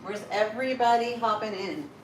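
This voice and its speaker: A woman's voice: fairly high pitch, normal speed, roomy sound, recorded from a distance, slight background noise. A woman hosting a casual cooking live stream from her kitchen, chatting with viewers and asking where they are joining from. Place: home kitchen.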